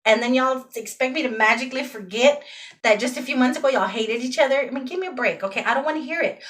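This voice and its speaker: A woman's voice: high voice, quick pace, fairly bright tone. A middle-aged woman in a personal vlog, venting with exasperation and repeating words for emphasis. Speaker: vlogger and mother. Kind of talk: emotional personal vlog rant.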